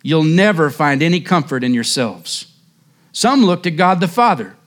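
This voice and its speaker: A man's voice: fairly high pitch, animated, unhurried. A man voicing a fervent, rustic lay Methodist preacher who speaks in a folksy, plain-spoken way and preaches emphatically. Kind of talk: quoted sermon reading.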